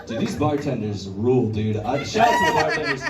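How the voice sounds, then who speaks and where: A male stand-up comedian doing a crude, conversational set at a brewery show, jumping into high, put-on voices to act out scenes. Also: very animated, a little fast, loud music behind the voice, over a noisy crowd. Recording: roomy bar recording from a distance. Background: audience laughter and bar ambience.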